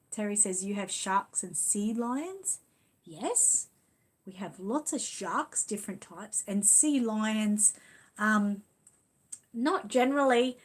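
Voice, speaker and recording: Reading her viewers' comments aloud, an Australian channel host keeps her live stream relaxed and friendly. Her mid-pitched voice stays casual and easygoing, punctuated by little laughs.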